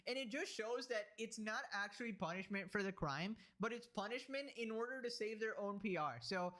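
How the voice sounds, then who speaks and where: A man's voice: high voice, moderate pace, few pauses, bright, forceful tone. A man giving comedic commentary in a mocking, jokey manner. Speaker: co-host commentator.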